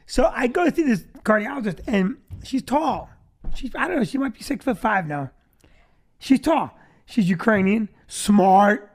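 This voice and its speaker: A man's voice: high-pitched, animated, unhurried. A man in his fifties hosting a podcast, telling a comic story with self-deprecating asides. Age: 50s. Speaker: podcast host. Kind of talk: comedic storytelling monologue.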